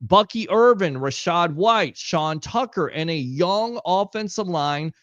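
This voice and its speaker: Higher-voiced man, emphatic sports chat. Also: lively intonation, measured pace, a bit bright, dry recording. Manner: emphatic, repeats points for stress. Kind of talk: casual sports talk. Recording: dull lo-fi stream audio.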